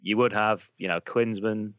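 A man with a low voice drops short, dry comments into a football chat. He is recorded close and dry, and the sound is dull and lo-fi. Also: fairly even intonation, normal speed, no room sound. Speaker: podcast co-host.

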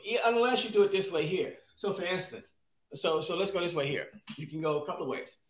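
Speaking a little fast, his voice sitting high with a fairly bright tone, this man co-hosts a podcast as its exercise expert. He chats casually about exercise, asks himself rhetorical questions, and restarts often, all in a roomy, dull lo-fi recording.

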